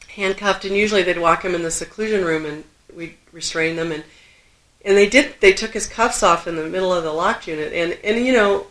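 A woman's voice: on the low side, fairly bright tone. Woman, middle-aged, live storytelling, self-deprecating, laughing, roomy echo. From Southern California.

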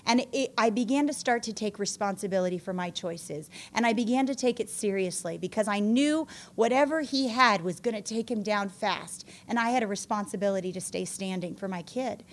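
A woman's voice: medium pitch, brisk, hardly any pauses. A woman telling her own story at a support group meeting in a candid, self-mocking way. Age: adult mother. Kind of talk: personal recovery testimony.

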